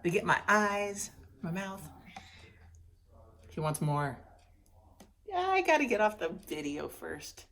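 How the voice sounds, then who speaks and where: Middle-aged woman, lowish voice, casual home video diary, rambling and chatty with easy laughs. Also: sing-song, slow pace, gravelly, long pauses, slight background noise. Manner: chatty and rambling, laughs often, coos at her pets. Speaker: vlogger. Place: at home indoors.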